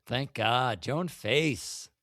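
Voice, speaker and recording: A man's voice: mid-range voice, extremely slow, fairly bright tone, dry recording, clean studio sound. A man co-hosting a casual podcast chat about an old comedy episode. He jokes a lot and reads his own notes aloud. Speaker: podcast co-host.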